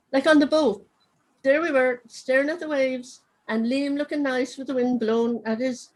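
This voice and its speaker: A woman's voice: high voice, low-quality recording. A woman reading as a wry dead Cork man. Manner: wry, chatty storytelling. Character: dead Cork man narrating wryly from his urn. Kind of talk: reading aloud from her novel. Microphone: video call.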